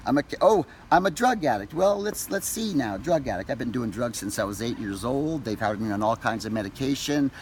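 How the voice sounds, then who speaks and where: A man ranting angrily to camera, profane and accusatory, shouting at times. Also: mid-range voice, animated, fairly quick, few pauses, slight background noise. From Canada. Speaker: vlogger. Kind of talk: angry direct-to-camera rant.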